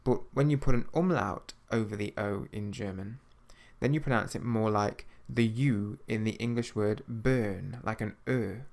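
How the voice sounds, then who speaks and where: A man teaching an audio language lesson, patiently repeating each word slowly so learners can practice. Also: on the low side, creaky, darkish tone.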